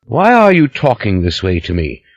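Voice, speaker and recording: A man's voice: fairly low pitch, wildly swooping pitch, normal speed, muffled recording, exaggerated voice. A man reading an audiobook, voicing a blunt, defiant man who refuses to back down. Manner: terse, defiant. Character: blunt, defiant man, a former order member.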